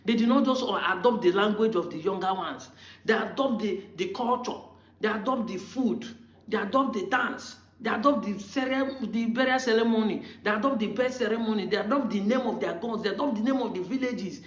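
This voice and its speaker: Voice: medium pitch, brisk, roomy sound. An Igbo commentator from Nigeria with a Nigerian English accent, arguing heatedly and firing off rhetorical questions. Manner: argumentative, fires rhetorical questions. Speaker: online commentator.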